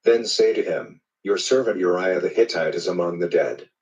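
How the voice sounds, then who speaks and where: A man reading a Bible passage aloud in a steady, measured storytelling manner. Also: sits low, distant mic, rough recording. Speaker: Bible reader. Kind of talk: scripted scripture reading.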